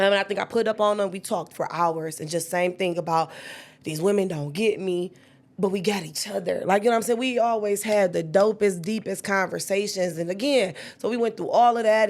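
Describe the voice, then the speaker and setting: A woman, telling her own story in a candid podcast chat. Her pitch sits in the middle of the female range, but it jumps up high in sudden bursts whenever she acts out what someone said. The delivery is animated and heartfelt. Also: fast.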